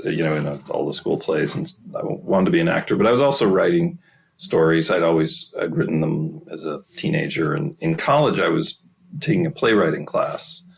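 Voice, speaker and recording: A deep-voiced American man from the Midwest answers interview questions. He tells his stories haltingly, with many restarts and frequent laughter, in a relaxed, casual way. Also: creaky, low-quality recording. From Wisconsin, USA. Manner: halting, laughs often while telling stories. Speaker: guest screenwriter and novelist.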